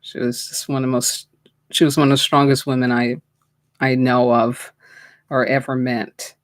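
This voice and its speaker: A woman host and spiritual teacher telling a personal story in a slow, reflective, heartfelt way and offering a prayer. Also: very deep voice, little pitch movement, dry recording, studio quality.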